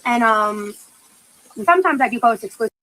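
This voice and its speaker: Young woman on a livestream, valley girl uptalk, kinda high voice. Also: animated, moderate pace, sharp tone, slight background noise, low-quality recording. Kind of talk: casual livestream chat.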